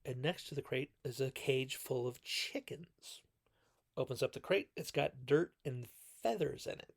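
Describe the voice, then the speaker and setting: Gravelly rambling man recapping a movie. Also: medium pitch, measured pace. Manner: rambling, self-correcting, quotes characters in mock voices. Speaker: video host reviewing classic films.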